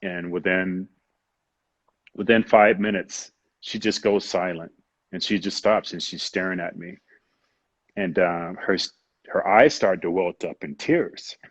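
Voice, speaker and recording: A man with a low, husky voice recounts a painful personal story as an interview guest, candid and emotional, and he slips into quoted voices along the way. The sound is dry and a little dull, with no room around it. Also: fairly even intonation, unhurried, pauses often, dry recording. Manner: candid, acts out others' voices, frequent "you know".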